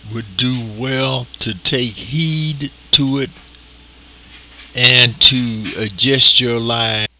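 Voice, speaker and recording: Male preacher, recorded sermon; unhurried, deliberate delivery, pressing on words; bright tone. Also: mid-range voice, a little hiss or hum. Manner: slow and deliberate, drawn-out emphasis.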